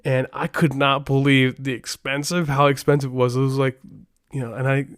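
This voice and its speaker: A man's voice: medium pitch, flat delivery, moderate pace, fairly bright tone, no room sound. A man hosting a casual podcast, telling rambling, anecdotal stories over a close mic. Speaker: podcast host.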